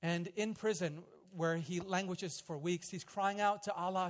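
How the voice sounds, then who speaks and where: A man preaching a sermon, telling a story dramatically, swelling loud and then dropping quiet. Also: high voice, steady tone, measured pace, few pauses. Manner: dramatic storytelling, rising loud in quoted prayers and dropping soft. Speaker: pastor.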